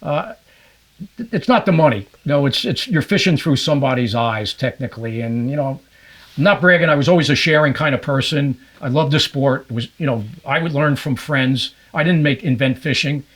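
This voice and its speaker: A man's voice: medium pitch, a little fast. An older man from New Jersey, a podcast guest and fishing guide, telling stories in a casual interview and acting out other people's voices. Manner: animated, acts out the voices of others in his anecdotes.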